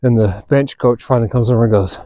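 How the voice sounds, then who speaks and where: Male podcast host, mellow easygoing storyteller, dry close sound; hops into the characters' voices now and then. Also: mid-range voice, fast, no echo. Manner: relaxed, chatty storyteller who acts out quoted dialogue. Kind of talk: casual storytelling monologue.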